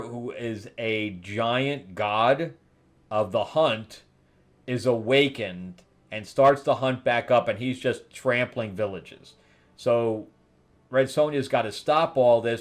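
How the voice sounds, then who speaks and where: A man hosting a comic review, casually recapping a story in a rambling way with asides. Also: medium pitch. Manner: rambling retelling with laughs and asides.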